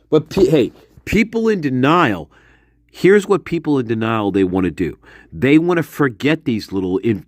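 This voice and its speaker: A man's voice: mid-range voice, darkish tone, no room sound, studio quality. A man delivering an angry, profane monologue, mocking someone with scornful laughs. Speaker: commentator.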